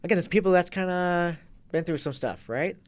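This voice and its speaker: Speaking a little fast in a voice that sits high, a male kettlebell and fitness coach chats loosely while guesting on a casual interview. He frequently begins his sentences again.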